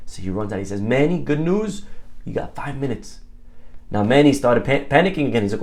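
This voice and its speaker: A man's voice: on the low side, normal speed, a little mellow. A man, a rabbi giving a sermon, telling stories in a conversational way with asides and questions to his audience.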